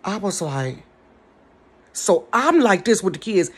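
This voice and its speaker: A woman telling a story in a casual storytime vlog from her bedroom, animated and chatty, talking straight to her viewers. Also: mid-range voice, slow, slightly rough. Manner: animated, chatty, addresses the audience directly.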